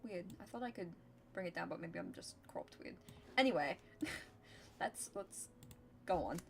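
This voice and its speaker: A woman's voice: fairly low pitch, expressive, a little slow, vocal fry. A woman streamer chatting casually and giggling while she plays and thinks aloud. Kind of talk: casual game commentary.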